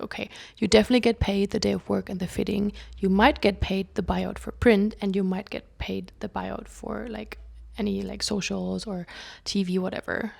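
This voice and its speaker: A young adult woman vlogger telling a personal story in a casual, chatty way, often saying "like" and acting out what people said, moving between loud bursts and whispers. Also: mid-range voice, gravelly. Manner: chatty, fills speech with "like"; acts out quoted speech, shifting between loud bursts and whispers.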